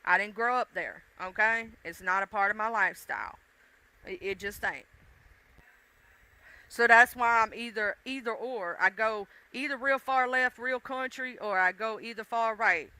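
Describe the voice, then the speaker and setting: A woman with a mixed deep-South accent, rambling casually to her livestream chat, addressing viewers directly and swearing freely. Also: moderate pace, sharp tone, no room sound, low-quality recording. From Southern United States. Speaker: livestream host.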